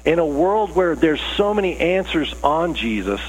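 A man's voice: on the high side, sing-song, normal speed, husky, rough recording. A man preaching a conversational sermon, earnest and casual with rising emphasis. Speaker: pastor.

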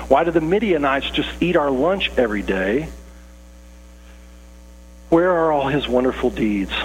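A man's voice: mid-range voice, a little hiss or hum, poor audio. A man preaching a conversational sermon to his congregation in a church, breaking off his sentences and acting out the people in the story. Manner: conversational, self-interrupting, acts out quoted voices. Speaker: pastor. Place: church sanctuary.

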